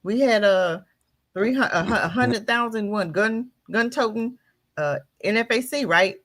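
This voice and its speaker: A woman guest holds forth on a talk show. Her voice sits at a middle pitch. She speaks fiercely, in a preaching rhythm, throwing out rhetorical questions. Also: measured pace, fairly bright tone. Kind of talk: impassioned commentary.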